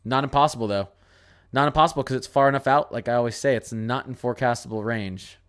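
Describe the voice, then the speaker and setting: A young man hosting his own weather show in a loose, conversational way. He rambles, restarts and repeats phrases while reading viewer questions and pointing out model charts. His pitch sits in an ordinary middle range for a man. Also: fast talker, a bit bright, smooth. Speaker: weather channel host. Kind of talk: casual livestream weather talk.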